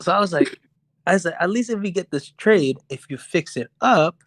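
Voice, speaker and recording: A young man co-hosting a podcast, telling a story in a casual, animated, profane way and acting out what people said. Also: high voice, moderate pace, no echo. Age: young adult. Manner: animated, profane, acts out quotes. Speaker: podcast co-host. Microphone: podcast mic on voice chat.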